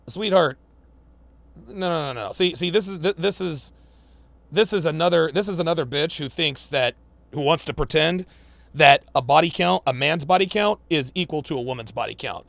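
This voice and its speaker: A man hosts a casual reaction podcast, blunt and profane, hammering points home by repeating himself. His voice is gravelly and sharply bright. The sound is dry and close to the mic. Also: on the high side, normal speed, no room sound. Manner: blunt, profane, emphatic repetition. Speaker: podcast host reacting to clips.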